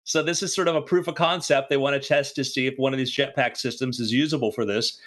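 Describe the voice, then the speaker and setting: A man's voice: mid-range voice, steady tone, quick pace, fairly bright tone. A man co-hosting a podcast, telling a playful story in casual banter. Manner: playful storyteller, puts on silly voices. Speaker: co-host.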